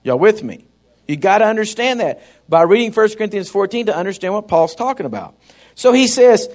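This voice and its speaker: A man's voice: sits high, animated, a little fast, darkish tone. A man preaching a sermon in a folksy, conversational way, often turning to the congregation with asides.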